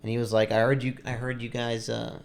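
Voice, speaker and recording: A man's voice: medium pitch, level tone, brisk, gravelly. A young man on a podcast telling a long story in a casual, rambling way, full of likes and restarts. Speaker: podcast co-host.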